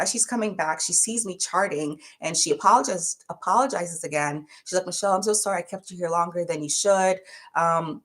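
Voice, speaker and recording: A young woman, a touch low-pitched, talks straight to her viewers in a chatty, animated way. She retells a story and acts out the voices of the people in it. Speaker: vlogger.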